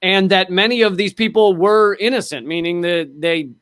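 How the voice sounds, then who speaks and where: A man's voice: high voice, normal speed, a bit bright, dry recording. Rambling man co-hosting a podcast. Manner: rambling, many fillers and restarts, blunt. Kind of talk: casual political chat.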